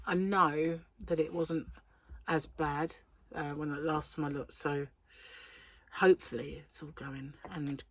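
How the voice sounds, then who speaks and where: Chatting casually for her crochet vlog, an English woman speaks in a lowish voice with a fairly bright tone. She wanders from point to point with frequent ums while her throat is still a little sore, and no room sound comes through.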